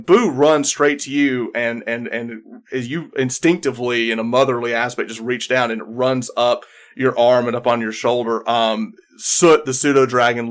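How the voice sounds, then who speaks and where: A man narrating a tabletop game as game master, rambling with many restarts. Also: medium pitch.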